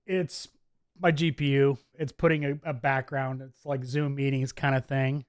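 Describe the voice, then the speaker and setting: A man's voice: medium pitch, flat delivery, moderate pace, no echo, studio quality. A man with a mixed Midwest and Southern US accent hosts a casual live chat, reading viewer comments in a chatty, laid-back way and laughing often. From US Midwest, Wisconsin. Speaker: livestream host. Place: home office.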